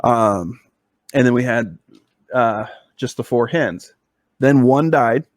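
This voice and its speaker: A man's voice: mid-range voice, slow pace, no room sound, studio quality. A man co-hosting a podcast, telling a long casual story, full of fillers and restarts. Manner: rambling, with many fillers and restarts. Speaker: podcast co-host.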